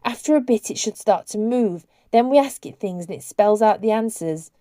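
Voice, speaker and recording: Woman reading as a tired, snappish teen girl, brisk and curt. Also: mid-range voice, animated, mellow, no room sound, clean studio sound, close to an everyday voice. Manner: brisk, unkind. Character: weary, unkind teenage girl.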